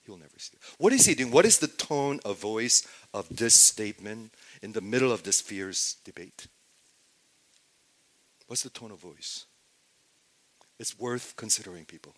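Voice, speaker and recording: A man preaching a sermon, moving between loud emphatic stretches and hushed near-whispers, and putting rhetorical questions to his listeners. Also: on the low side, lively intonation, a little slow, pauses often, poor audio. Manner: asks the audience rhetorical questions. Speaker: pastor.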